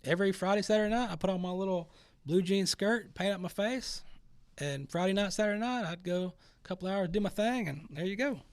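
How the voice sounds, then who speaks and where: Middle-aged guy hosting a talk show, sarcastic rant, highish voice, dry close sound. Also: brisk, no echo. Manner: sarcastic, mocking imitations of others. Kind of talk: casual opinion monologue.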